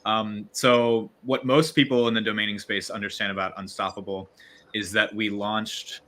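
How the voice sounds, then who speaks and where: A man's voice: on the low side, little pitch movement, normal speed, sharp tone. A man on a video call, guest on a casual livestream, explaining his work with frequent fillers and restarts. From Virginia. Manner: hesitant, many fillers and restarts. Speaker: growth lead guest.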